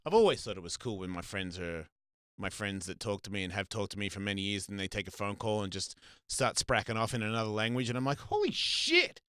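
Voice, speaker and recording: A man's voice: on the low side, a little fast, fairly bright tone, smooth, no echo. A middle-aged Australian man hosting a casual chat, swearing freely and rambling through restarts. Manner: rambling, profane, lots of restarts. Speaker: host.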